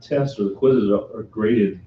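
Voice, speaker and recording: A man in the audience, an instructor, making a halting comment with restarts. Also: lowish voice, far from the mic, slight background noise. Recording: dull echoey room from afar.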